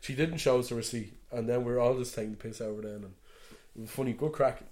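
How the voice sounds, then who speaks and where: A man's voice: medium pitch, fast, a little mellow. Young Dublin Irish man, podcast co-host; chatty, laughing storyteller who acts out quotes. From Ireland. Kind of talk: casual chat.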